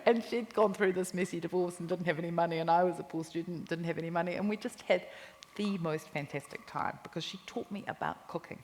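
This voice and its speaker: A low-pitched woman with a New Zealand accent tells animated stories on stage. She slips into quoted voices as she goes. Her voice rings with a long hall reverb over faint background noise. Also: quick pace. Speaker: cookbook author guest. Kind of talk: storytelling interview on stage. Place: live festival talk venue.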